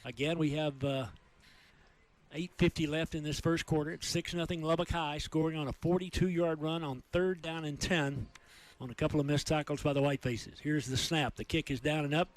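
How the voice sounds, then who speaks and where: Texan guy calling high school football, kinda high voice, fast excited play calls. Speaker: play-by-play announcer.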